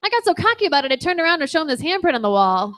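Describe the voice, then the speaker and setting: A woman's voice: high-pitched, sing-song, very fast, a bit bright. A young woman doing a bawdy stand-up comedy set on a bar stage, telling a story with laughs. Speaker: stand-up comic.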